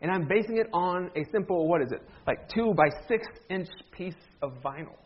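High, husky-voiced joking pastor. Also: male voice, expressive, moderate pace, highs cut off. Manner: joking, self-deprecating storyteller. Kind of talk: humorous sermon. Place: church sanctuary.

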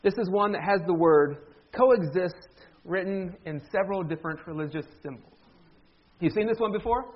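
In a church sanctuary, a middle-aged pastor delivers a humorous sermon in a high-pitched voice at normal speed, captured in dull audio. He tells stories in a joking, self-deprecating way.

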